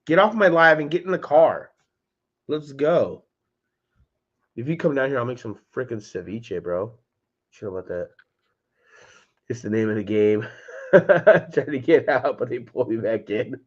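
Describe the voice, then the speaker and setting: With a husky mid-range voice and lively intonation, this man talks a little slowly and pauses often. He hosts a casual home livestream, chatting with viewers by name and saying "dude." The recording has a slightly dull lo-fi quality.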